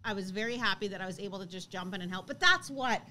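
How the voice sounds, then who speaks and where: A woman in her thirties co-hosting a casual chat, telling a story in an animated way and laughing as she acts out what people said. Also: medium pitch, fast talker, a little hiss or hum. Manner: animated, laughs while acting out quotes. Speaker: co-host.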